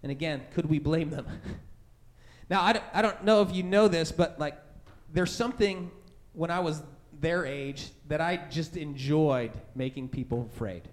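Man pastor with a high, youthful-sounding voice, preaching casually and acting out his stories with lots of energy. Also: moderate pace. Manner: animated storytelling, acting out scared voices; conversational, many fillers like "right?" and "like". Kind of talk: sermon with personal story.

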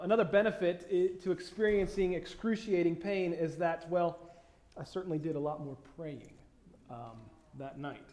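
Male pastor, high voice, conversational sermon with emphatic questions, echoey church hall. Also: a little mellow. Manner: conversational, many fillers and pauses, rising to emphatic questions. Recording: echoey room.

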